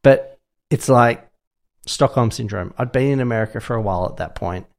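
Rambling man with gravelly voice. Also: mid-range voice, normal speed. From Australia. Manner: rambling, animated storyteller. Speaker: podcast co-host. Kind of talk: casual chat.

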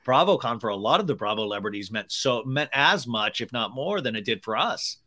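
Man, podcast guest, casual chat, rambling and animated, bright forceful tone, mid pitch. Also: fairly quick. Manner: rambling, animated storytelling with many restarts.

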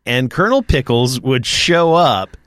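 A man's voice: medium pitch, a little slow, no echo. Podcast guy telling a story, voice bouncing all over, keeps stammering, dry close sound. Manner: animated storyteller, stammers and repeats. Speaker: podcast co-host. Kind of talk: casual chat.

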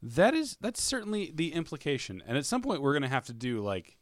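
A man's voice: a little high, a little fast, no echo, clean studio sound. A man co-hosting a podcast in casual chat, wry and teasing. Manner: wry, teasing, animated delivery. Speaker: podcast co-host.

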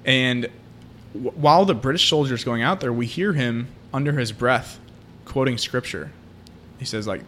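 Measured in pace and a bit bright, this man's mid-range voice carries over faint background noise. He co-hosts a casual podcast, recapping a movie's plot at length and leaning heavily on fillers.

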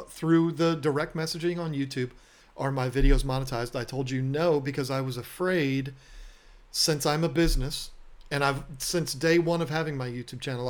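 A man's voice: on the high side, moderate pace. A man hosting a podcast, telling stories in a casual, earnest and self-deprecating way, often repeating words as he restarts. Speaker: podcast host and aquarium business owner. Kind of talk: casual storytelling conversation.

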